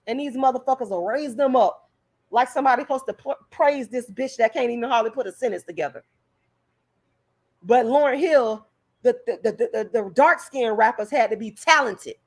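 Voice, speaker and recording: Her voice on the high side and slightly rough, a woman vlogger directs a heated, profane rant at the camera. She pushes her point hard, stumbling over repeated words along the way.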